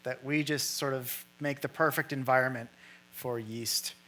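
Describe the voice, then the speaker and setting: A man's voice: mid-range voice, fairly even intonation, moderate pace, bright, forceful tone, low-quality recording. A man who works as a brewer, explaining steps in casual talk with jokey asides. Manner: jokey asides, laughs easily.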